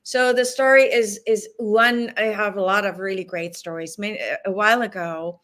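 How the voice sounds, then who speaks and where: A woman's voice: mid-range voice, steady tone, moderate pace, a bit bright. A woman being interviewed as an animal hospice guest, speaking earnestly and acting out what people and pets say. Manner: earnest, acts out quoted dialogue. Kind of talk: interview conversation.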